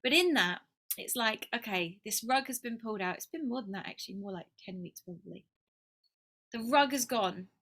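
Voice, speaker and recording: Speaking at a normal pace, the woman's voice is on the high side, expressive and a bit bright. She's a spiritual mentor musing in a reflective personal video, emotional and sincere, sometimes nearly whispering.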